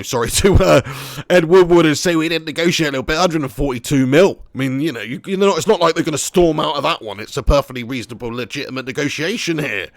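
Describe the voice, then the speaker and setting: A man's voice: a little high, dry recording, studio quality. Chatty man streaming a football game. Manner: chatty, rambling, laughs while reading chat. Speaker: gaming streamer. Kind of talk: casual live-stream game commentary.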